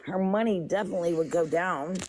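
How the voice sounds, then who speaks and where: A woman's voice: fairly low pitch, fairly quick, darkish tone, slight background noise. A woman, chatting casually on a livestream from her home kitchen and talking in long, rambling stretches. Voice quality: rambling, fond of "it's like".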